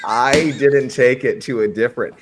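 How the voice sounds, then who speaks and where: A man's voice: mid-range voice, moderate pace, a loud crowd. A man co-hosting a casual movie review chat, teasing his friends and laughing often. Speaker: podcast co-host, movie reviewer.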